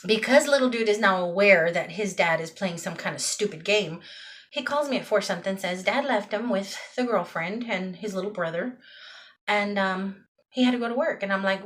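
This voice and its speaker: Mom venting on her vlog, fed up, keeps repeating stuff for emphasis, middle-aged, normal pitch. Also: moderate pace, a bit bright. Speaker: vlogger and mother. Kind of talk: emotional personal vlog rant.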